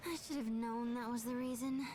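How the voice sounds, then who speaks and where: Woman voicing a bubbly high game heroine. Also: steady tone, fairly quick, close to an everyday voice. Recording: game audio with loud music.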